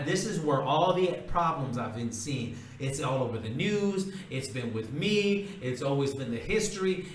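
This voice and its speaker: A man's voice: fairly high pitch, a bit bright, roomy sound, recorded from a distance, a little hiss or hum, low-quality recording. A man giving blunt, emphatic, profane dating advice in a casual monologue, repeating his points. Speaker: dating-tips vlogger.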